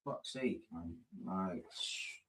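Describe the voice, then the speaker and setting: A man hosting a live football watch-along, swearing a lot, muttering to himself and shouting at goals. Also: sits low, slow pace, gravelly, noisy background. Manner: mutters quietly to himself between outbursts.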